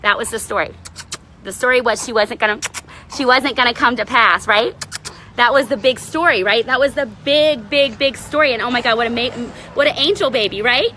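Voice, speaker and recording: A woman in her thirties giving a casual motivational talk as a life coach, animated and tagging lines with "right?". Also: fairly high pitch, brisk, a little hiss or hum. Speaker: life coach hosting a live video.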